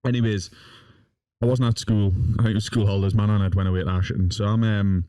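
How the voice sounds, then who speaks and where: A man's voice: fairly low pitch, fairly even intonation, fast talker, mellow, clean tone, dry recording. A young man telling a rowdy story in casual podcast chat, swearing constantly and laughing as he goes. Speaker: podcast guest.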